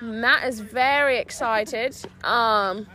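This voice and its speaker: A young woman giving fast, giggly play-by-play of a casual pickleball game outdoors. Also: fairly high pitch, pushed and bright. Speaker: amateur game announcer. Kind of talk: playful play-by-play commentary.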